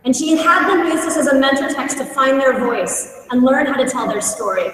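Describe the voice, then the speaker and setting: Woman teacher presenting, high voice, earnest storytelling, roomy hall from a distance. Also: moderate pace, fairly bright tone, a little hiss or hum. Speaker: teacher giving a conference talk. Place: large conference hall. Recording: echoey hall, voice from far off.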